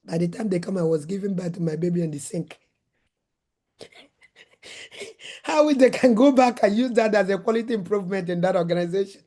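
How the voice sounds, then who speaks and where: Middle-aged Nigerian woman host, dark warm tone, animated storyteller. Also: mid-range voice, a little fast, long pauses. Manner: acts out her own shouted lines in a raised voice. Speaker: host, former nurse and midwife.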